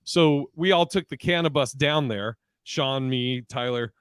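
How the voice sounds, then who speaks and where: A man's voice: mid-range voice, a little slow, fairly bright tone, clear, resonant tone, no echo. A man hosting a casual comedy podcast, loose and laughing with lots of fillers. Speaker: podcast host. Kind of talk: casual chat.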